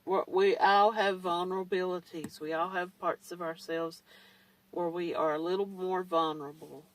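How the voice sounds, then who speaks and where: A woman's voice: fairly low pitch, steady tone, normal speed, far from the mic, rough recording. A woman talking in a blunt, candid way, with mild swearing, in a casual monologue. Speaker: survivor vlogger. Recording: dry, set back from the mic.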